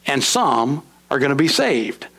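A middle-aged man preaching a sermon in a church, swinging between high emphatic lines and low, slow drops. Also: big pitch swings, fairly bright tone. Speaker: pastor. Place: church sanctuary.

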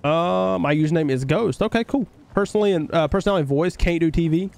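A man's voice: on the high side, fast talker, vocal fry, a little mellow. A young man with a Southern US country twang who does laid-back, slangy live gameplay commentary, reading chat aloud and answering viewers. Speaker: game streamer.

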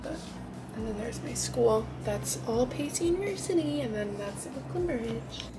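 A woman's voice: a little high, animated, moderate pace. A college-age woman casually showing off her small dorm room in a chatty vlog, with lots of "like" fillers. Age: early 20s. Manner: chatty, lots of "like", says she is winded. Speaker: college student vlogger. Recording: music playing under the voice. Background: music.

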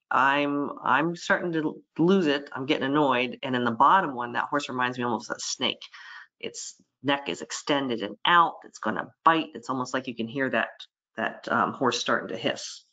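A woman veterinarian giving a webinar lecture, lively, who voices the animals' thoughts in quick quoted asides. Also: very deep voice, dull audio.

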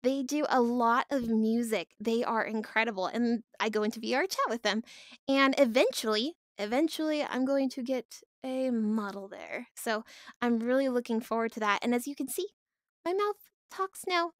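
A bubbly woman chats with her live-stream viewers, laughing often as she answers them. Her voice sits high and her talk is slow and relaxed. The sound is close and dry, with no room around it. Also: no echo. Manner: bubbly, giggly, reads and answers chat. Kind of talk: casual live stream chat. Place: home office with cats.

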